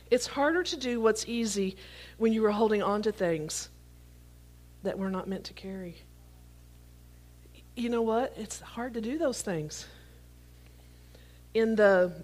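A woman preaching a sermon to a congregation, reading scripture and joking as she catches props. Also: on the high side. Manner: playful, talks to the congregation, jokes while catching props. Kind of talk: sermon with a live prop illustration.

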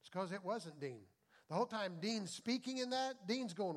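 High-voiced man preaching with big swings. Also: expressive, normal speed. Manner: swings between soft confiding and loud preaching; folksy and conversational. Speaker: pastor. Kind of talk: sermon.

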